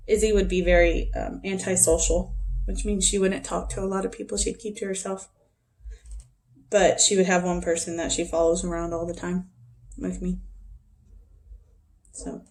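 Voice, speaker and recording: A woman teacher records a relaxed, chatty video lesson for her pupils from home. She talks in an easy, friendly way and keeps breaking off to speak to her dogs, with a middle-pitched voice.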